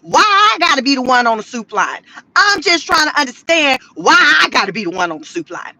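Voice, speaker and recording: A woman voicing an aggrieved fired worker, pleading in a lower, plaintive voice to get her job back. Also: big pitch swings, brisk, pushed and bright, no room sound, exaggerated voice. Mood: indignant.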